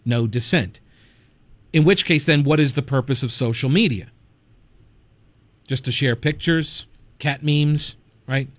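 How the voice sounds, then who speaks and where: A male talk radio host speaking into a close studio mic with a dry, deadened sound. He rambles in a conversational, opinionated way and keeps wandering off on wry side notes. His pitch sits in the middle range. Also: measured pace, long pauses, no echo. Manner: conversational, digressive, wry asides. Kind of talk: conservative talk radio commentary.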